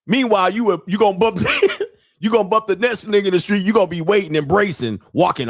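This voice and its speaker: A man's voice: high-pitched, quick pace, dry recording, clean studio sound. A man hosting a podcast who talks in loose, profane, comedic commentary, laughs often and acts out street exchanges. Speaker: podcast host.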